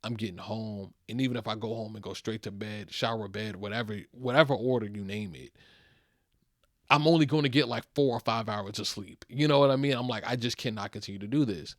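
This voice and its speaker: A young man hosting a podcast, telling a story in a casual monologue, venting and animated, with heavy slang and swearing, sounding worn out. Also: fairly low pitch, a little fast, no echo, clean studio sound. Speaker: podcast host.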